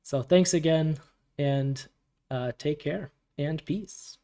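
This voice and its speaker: A man hosting a community livestream Q&A, casual and relaxed, laughing often as he answers questions from chat. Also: on the high side, slow. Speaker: community AMA host.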